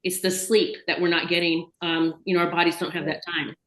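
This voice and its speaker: A woman's voice: lowish voice, level tone, fairly quick, a bit bright. Chatty woman host in an echoey room. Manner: chatty and enthusiastic, talking in long run-on bursts. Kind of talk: casual video chat interview.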